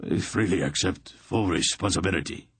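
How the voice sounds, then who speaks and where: A man voicing frightened servants and a cowering king in an audiobook, with a croaking, stammering voice. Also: deep voice, normal speed, a bit bright, dry recording, studio quality. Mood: fearful. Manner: stammering, fearful.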